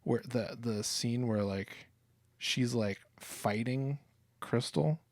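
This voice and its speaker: A man's voice: medium pitch, slow pace, no room sound. A man co-hosting a casual podcast chat, teasing his co-host with jokey banter. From Northern California.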